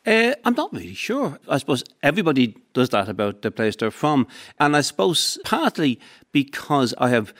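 A man's voice: mid-range voice, big pitch swings, normal speed, a bit bright. A man on a talk show as a guest writer, telling reflective, rambling stories full of lists. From Ireland. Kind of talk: casual chat.

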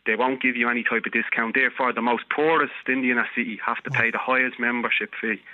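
A man's voice: mid-range voice, flat delivery, quick pace. A man with a Dublin working-class accent calling in to a radio show, arguing insistently and often repeating himself. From Ireland. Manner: insistent, talks over the host, repeats phrases. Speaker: radio caller. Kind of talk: heated phone-in argument. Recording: tinny phone line.

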